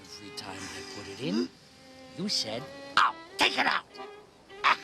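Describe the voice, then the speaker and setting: A sheepish stammering runaway husband. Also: male voice, fairly low pitch, huge pitch swings, normal speed, gravelly, over music, heavily acted. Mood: confessing. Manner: sheepish and stammering, breaking into yelps. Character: meek, stammering retired husband who faked his death. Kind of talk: TV sketch comedy acting.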